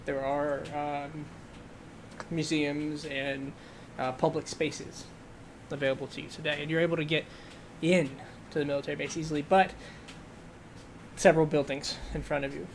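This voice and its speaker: A man running a tabletop game as game master, narrating in a relaxed way with many fillers. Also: a little high, moderate pace, vocal fry, long pauses, a little hiss or hum.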